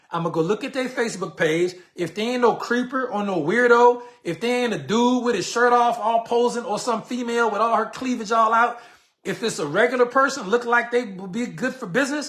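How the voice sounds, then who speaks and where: A man's voice: very high-pitched, normal speed, a bit bright. A man in a casual, slangy live teaching session on network marketing, acting out sample messages in between.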